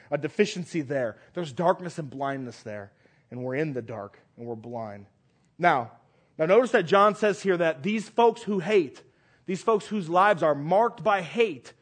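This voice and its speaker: A male pastor preaching a sermon, stressing phrases by repeating them and swinging between loud declarations and hushed lines. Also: high-pitched.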